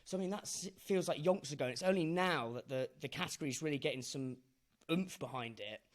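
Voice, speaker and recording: A man's voice: fairly high pitch, fast talker. A man hosting a podcast interview, casual and chatty, fond of "like" and "mate" and some swearing. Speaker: podcast host.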